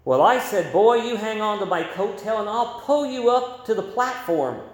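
Guy putting on a big gentle old preacher man, high and soft, echoey room. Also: lively intonation, moderate pace. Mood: proud. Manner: gentle, warm, reassuring. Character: portly kindly older male preacher. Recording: roomy echo.

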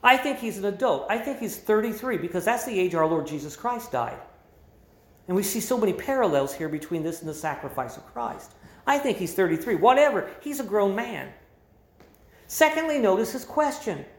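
Preacher giving a sermon, stresses each point slow and emphatic, mid pitch, echoey room. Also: big pitch swings. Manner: emphatic, deliberate teaching delivery. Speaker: pastor.

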